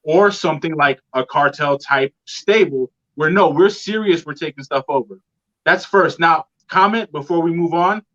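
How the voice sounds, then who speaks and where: A man's voice: fairly high pitch, normal speed, pushed and bright. A man on a casual wrestling podcast, talking in a hesitant way full of fillers. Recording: dull lo-fi audio.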